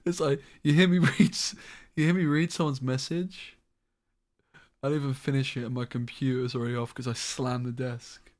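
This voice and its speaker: A man's voice: medium pitch, fairly even intonation, moderate pace. A man streaming a card game, chatting casually with his viewers and laughing often. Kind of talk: casual live-stream commentary.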